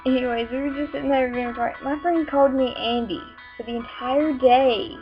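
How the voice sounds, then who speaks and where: A woman's voice: high voice, steady tone. Teen girl with a Southern twang, talky and easily annoyed, muffled webcam sound, music playing. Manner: chatty, frequent fillers, quick irritated asides. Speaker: vlogger. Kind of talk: casual rambling vlog.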